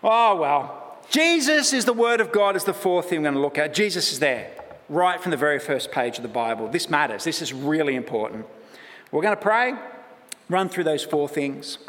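A man's voice: on the high side, very animated, normal speed, fairly bright tone. Australian guy preaching, chatty and self-mocking, lots of asides, long hall reverb. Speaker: pastor. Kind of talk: sermon.

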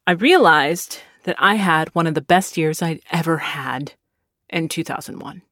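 A woman's voice: sits low, a little slow, fairly bright tone, no echo, clean studio sound. A woman in her thirties, a voice actor, talking candidly and rambling in a casual monologue, swearing now and then. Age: 30s. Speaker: voice actor and podcast host.

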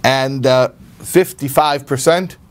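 A man's voice: medium pitch, slow, background noise. Guy teaching a laid-back class, chatty, keeps repeating words while he thinks, does little voices for quotes. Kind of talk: informal Torah class talk.

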